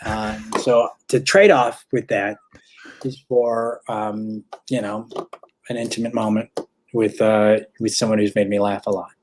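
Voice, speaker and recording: A man's voice: on the low side, level tone, unhurried, a little hiss or hum. A man from St. Louis, a stand-up comedian guest on a podcast, tells a story in a rambling way, correcting himself and acting out the voices of the people he quotes.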